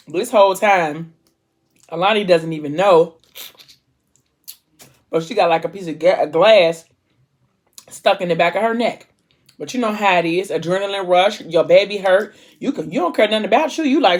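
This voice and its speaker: A woman's voice: fairly low pitch, moderate pace, pauses often. Emotional woman recapping a novel. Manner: emotional, animated storytelling with informal slang. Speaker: book vlogger. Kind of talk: casual book discussion, retelling a plot.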